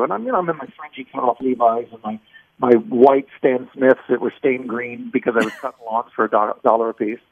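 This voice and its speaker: A man's voice: mid-range voice, a little fast, no echo. A middle-aged man from Kansas City tells a story over the phone in a loose, rambling way, restarting his sentences often. His voice sits in a middle register. The line is thin and phone-like, with a dry, close sound. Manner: rambling, many restarts and filler phrases. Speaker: voice actor guest. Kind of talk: casual storytelling on a phone call.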